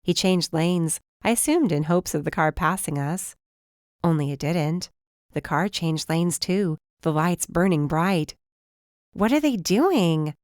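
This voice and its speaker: A woman reading a first-person mystery audiobook in a measured, even storytelling manner. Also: low-pitched, no room sound, clean studio sound. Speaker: audiobook narrator.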